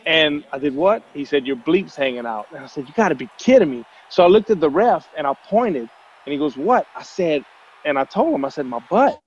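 A man, a former quarterback, telling a long story in a relaxed, rambling way with plenty of fillers. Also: fairly high pitch, fairly quick, breathy edge. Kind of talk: casual anecdote telling. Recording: dull lo-fi, dry sound.

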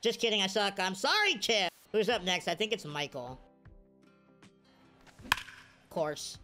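A woman's voice: medium pitch, fairly quick, music in the background. A woman giving live video game commentary, cheering and groaning at every play. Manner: excitable, cheers and groans at plays. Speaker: gaming streamer.

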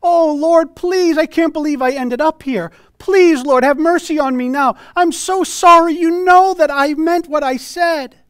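A preacher acting out a damned soul pleading for mercy, with a raised, higher voice. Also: unhurried, hardly any pauses, dry recording, studio quality.

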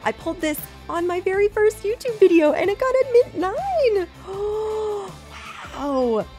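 A woman in her thirties chatting excitedly as she opens graded trading cards, gasping and repeating herself. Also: extremely high pitch, normal speed, soft background music. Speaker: card collecting vlogger. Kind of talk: excited unboxing chat.

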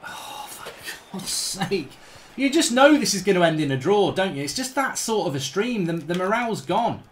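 A man's voice: high voice, very animated, normal speed, a little hiss or hum. A man commenting live on his own gameplay, ranting and swearing in exasperated outbursts. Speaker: gaming streamer.

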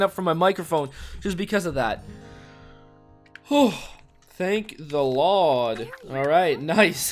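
A man hosting a gaming video, giving casual, excitable play-by-play commentary and exclaiming and swearing often. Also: sits high, a little slow. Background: faint background music.

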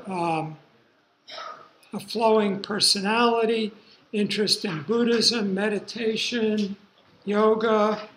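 Slow-talking older man lecturing. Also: sits high, a little hiss or hum. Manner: rambling, relaxed asides with fillers. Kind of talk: university lecture. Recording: roomy lecture hall.

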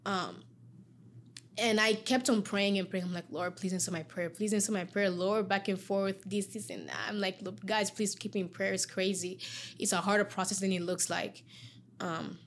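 A woman's voice: medium pitch, steady tone, normal speed, slight background noise. Young woman guest getting emotional, earnest storytelling. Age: young adult. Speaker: alumna guest. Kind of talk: casual interview.

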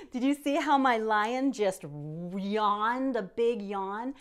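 A woman's voice: mid-range voice, lively intonation, slow. A woman teaching yoga to young children, talking to them directly in a playful, encouraging way and telling a pretend story with gasps and exclamations. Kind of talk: guided kids yoga lesson.

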